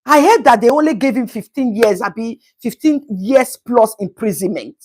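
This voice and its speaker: A slightly high, breathy-edged voice belongs to a woman hosting a casual live stream at a moderate pace. She comments animatedly on a news story, greets viewers by name, and mixes in Pidgin.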